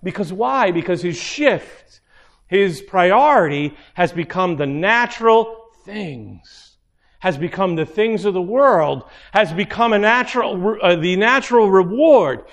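Guy preaching a sermon, high voice, gets animated and does little character bits. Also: unhurried, creaky. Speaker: pastor.

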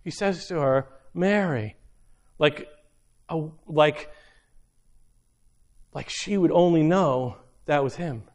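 A man preaching a sermon, earnest, putting rhetorical questions to his listeners and slowing down to stress key lines. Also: fairly high pitch, a little mellow.

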